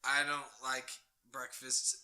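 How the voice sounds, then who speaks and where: Bright-voiced young man with dry quips. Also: medium pitch, monotone, takes it slowly. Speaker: podcast co-host. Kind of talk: casual podcast banter. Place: hot small room.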